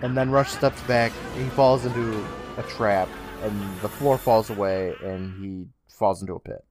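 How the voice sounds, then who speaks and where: A man's voice: lowish voice, steady tone, a little slow, over music. Chatty man recapping a TV episode. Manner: chatty, swears casually, sarcastic asides. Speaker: podcast co-host.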